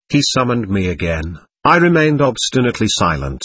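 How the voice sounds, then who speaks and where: Husky man reading an audiobook. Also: mid-range voice, very animated, moderate pace, few pauses, fairly bright tone, no echo. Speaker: audiobook narrator. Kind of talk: scripted narration.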